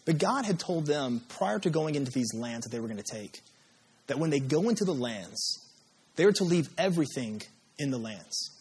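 Animated husky male preacher. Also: a little high, moderate pace. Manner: animated, dramatic voicing of prayers and scripture. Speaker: pastor. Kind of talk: sermon.

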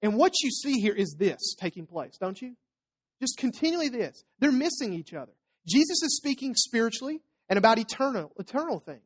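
A man's voice: very high voice, sing-song, brisk. Conversational man preaching a sermon. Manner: conversational, rhetorical tag questions, playful asides. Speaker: pastor. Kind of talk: expository sermon.

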